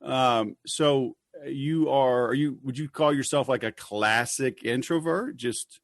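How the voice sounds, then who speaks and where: A man's voice: mid-range voice, a little slow, a bit bright, no room sound, studio quality. A man hosting a sales podcast in a loose, rambling, joking manner with many fillers. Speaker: podcast host. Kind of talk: casual podcast chat.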